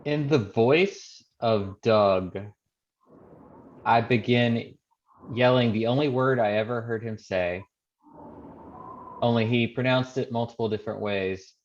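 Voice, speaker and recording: A man speaking as a player in a tabletop game, deliberate and dry. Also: mid-range voice, highs cut off.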